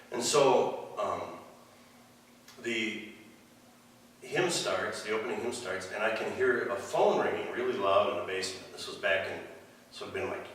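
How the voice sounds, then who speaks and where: A man in his fifties, a pastor giving a relaxed, wry storytelling sermon in a church hall, far from the mic. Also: on the low side, slight background noise.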